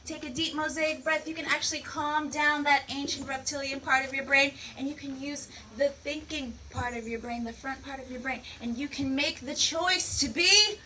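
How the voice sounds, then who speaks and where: A woman teaching children outdoors in a lively, playful way, calling the kids "my people" and "y'all.". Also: high voice, moderate pace, few pauses, far from the mic, a little hiss or hum, rough recording. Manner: energetic, playful, calls the crowd "my people" and "y'all". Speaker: peace educator teaching children.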